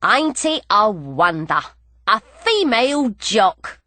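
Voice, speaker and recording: A cocky little Cockney jockey man of about thirty, put on by a woman reading aloud. He drawls in a lively, bouncing voice with a relaxed swagger, recorded dry and close in a storybook reading. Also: sits high, slow pace, dry recording, exaggerated voice. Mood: amused. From London.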